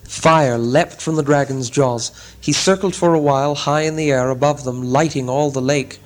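A man reading a storybook chapter aloud as a narrator, in a measured, dramatic way. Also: mid-range voice, fairly even intonation, poor audio. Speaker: audiobook narrator. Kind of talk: scripted narration.

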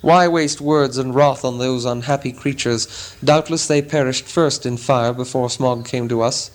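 A man's voice: mid-range voice, steady tone, a little slow, lightly acted. A man voicing a fierce proud bowman. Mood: scornful. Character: fierce drenched male bowman, proud hero.

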